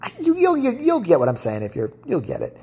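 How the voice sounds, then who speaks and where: Female podcaster with a deep, husky voice; profane, blunt solo rant that swings up and down in pitch. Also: wildly swooping pitch, quick pace, warm tone. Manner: profane, blunt, ranting with frequent restarts. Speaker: podcast host.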